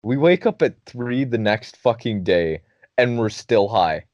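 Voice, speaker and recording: A young man hosts a podcast and tells a long story in a loose, animated way, laughing and swearing as he acts out his friends. His voice sits at an ordinary male pitch. It comes through a dull, lo-fi recording with almost no room sound. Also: a little slow, dry recording. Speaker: podcast host. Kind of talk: casual storytelling.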